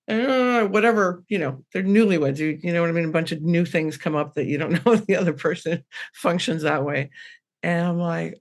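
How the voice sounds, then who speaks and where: A woman medium telling a personal story on a podcast panel, rambling and animated, acting out the quotes. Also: fairly low pitch, fairly quick.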